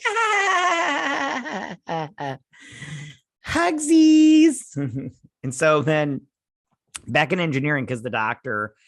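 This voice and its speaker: A man's voice: medium pitch, bright, forceful tone, no echo, studio quality. A man hosting a TV breakdown, recapping an episode in a casual, sarcastic rant, mocking characters with silly quotes, laughing and swearing. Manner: laughs often, swears, trails off with fillers. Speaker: host of a TV breakdown channel.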